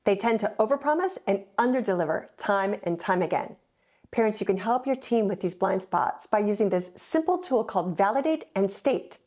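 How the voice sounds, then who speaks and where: A woman, a certified coach, giving a clear, measured educational talk to parents. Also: mid-range voice, lively intonation, darkish tone.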